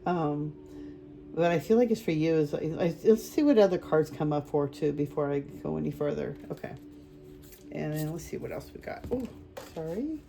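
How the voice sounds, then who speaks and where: A woman's voice: deep voice, animated, moderate pace, gravelly, warm tone. A woman doing a group card reading as a spiritual medium, talking casually and rambling with many fillers and restarts.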